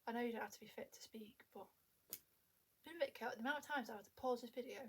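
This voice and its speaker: This young woman's voice is on the high side and husky, and she talks fast. Vlogging into a tablet camera at home, she rambles casually, teases herself, sounds slightly winded and often half-whispers.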